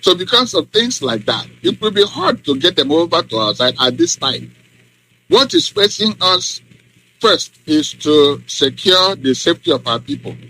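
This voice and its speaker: A middle-aged man, a professor, answering in a radio interview in an emphatic, deliberate way with many ums. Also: on the high side, sing-song, pushed and bright, poor audio. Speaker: guest professor and activist.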